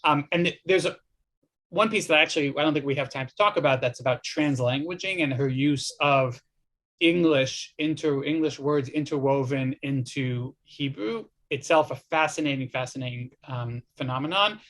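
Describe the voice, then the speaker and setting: Man, interviewer, academic conversation, hesitant, frequent restarts, slightly higher voice. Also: moderate pace, a bit bright.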